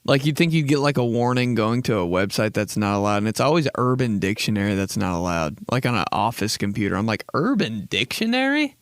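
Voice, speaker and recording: A young man hosting a solo comedy podcast, animated and swearing freely as he acts out little scenes in other voices. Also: on the low side, fast talker, hardly any pauses, clear, resonant tone, dry recording, clean studio sound. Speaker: podcast host.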